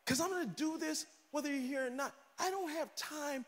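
A middle-aged pastor delivering a sermon, shouting and preaching with comic impressions of his congregation. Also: very high voice, normal speed. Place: large church hall. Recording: echoey church hall with faint ambience.

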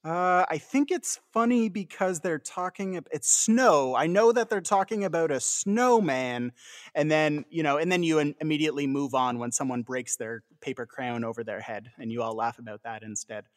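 A man's voice: fairly high pitch, normal speed, no room sound, studio quality. A man from Canada chatting casually as a podcast co-host, laughing easily and rambling a little. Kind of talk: casual chat.

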